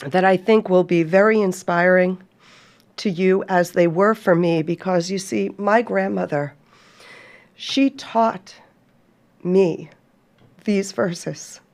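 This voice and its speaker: A woman's voice: lowish voice, darkish tone. A woman hosting a podcast, speaking earnestly and heartfeltly to listeners she calls folks and reading scripture aloud. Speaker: podcast host.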